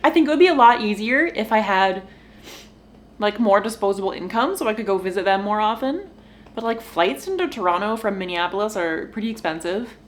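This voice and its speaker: A woman's voice: medium pitch, expressive, brisk. A young woman vlogger in casual, rambling chat to the camera from her kitchen floor at home, sighing now and then. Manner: rambling, sighing and laughing, talking to her dogs.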